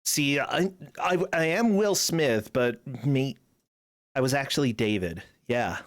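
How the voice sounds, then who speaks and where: A man's voice: medium pitch, lively intonation, slow pace. A man streaming a text adventure, commenting casually in a playful, joking way. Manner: playful and joking, with sudden loud outbursts.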